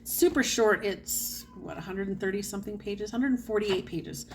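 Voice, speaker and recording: A woman's voice: mid-range voice, moderate pace, slight background noise. A woman from the United States chatting casually about her reading as a book vlogger, correcting herself often and laughing easily. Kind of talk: casual chat.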